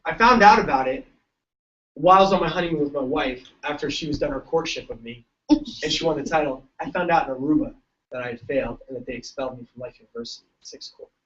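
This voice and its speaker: A man's voice: a little high, quick pace, fairly bright tone, recorded from a distance, dull audio. A man giving a joking, story-filled motivational talk to students at a large event. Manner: joking, tells stories, laughs often. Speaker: keynote speaker.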